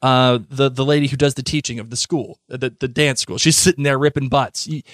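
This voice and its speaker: Man, podcast co-host, casual animated chat, stumbles and restarts often, dry close sound. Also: medium pitch, brisk, no room sound.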